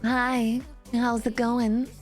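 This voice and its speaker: A woman's voice: on the high side, little pitch movement, very slow, soft background music. A woman voicing a clingy, lovey-dovey yandere girlfriend who calls the listener darling, speaking close to the mic. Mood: sweetly worried. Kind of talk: close-mic role-play.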